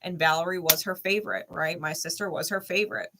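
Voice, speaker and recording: A spiritual channel host in her thirties tells a personal story candidly, speaking bluntly and emphatically with heavy swearing. Her voice is on the low side, steady, and fast, with a noisy background.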